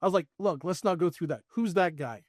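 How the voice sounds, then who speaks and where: Animated man telling a story. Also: sits high, a little fast, no echo, studio quality. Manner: animated storytelling, acting out quoted dialogue. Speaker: podcast guest storyteller. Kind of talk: casual anecdote.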